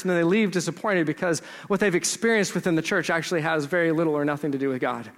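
A pastor from Texas telling stories in a relaxed, joking sermon. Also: male voice, a little high, quick pace, few pauses, long reverb tail. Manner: conversational storytelling with humor.

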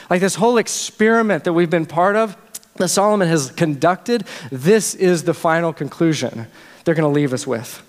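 High-voiced pastor preaching in a reverberant hall. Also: male voice. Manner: earnest, conversational preaching with frequent restarts. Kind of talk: sermon. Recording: long reverb of a large hall.

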